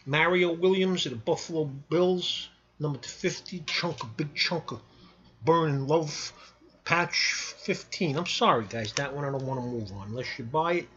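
A man giving a blunt, pushy casual sales pitch to camera while selling sports cards. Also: moderate pace, fairly bright tone, highs cut off. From New York. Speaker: sports card seller.

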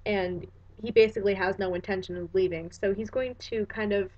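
A woman recites a poem with theatrical weight, then drops into relaxed, slangy commentary to explain each verse. Her voice sits at a middle pitch for a woman, and the recording is dull and lo-fi, as if captured at home. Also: a little fast. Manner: slangy, conversational asides between recited verses. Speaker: poetry explainer.

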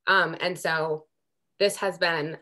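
A woman's voice: deep voice, fairly even intonation, takes it slowly, bright, forceful tone. A young woman from Amherst, Massachusetts, co-chair of a working group, giving earnest, emotional remarks at a public meeting with many restarts.

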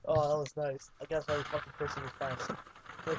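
A man's voice: a little high, little pitch movement, a little fast, muffled recording. A man giving profane, grumbling live commentary while playing a shooter game. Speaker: gamer. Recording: loud game noise over voice.

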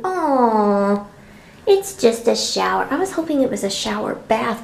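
A woman's voice: on the high side, sing-song, slow pace, gravelly, pauses often, darkish tone, a little hiss or hum. A tired young woman chatting casually as she vlogs a tour of a small hotel room, with self-deprecating asides. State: tired and yawning. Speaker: vlogger.

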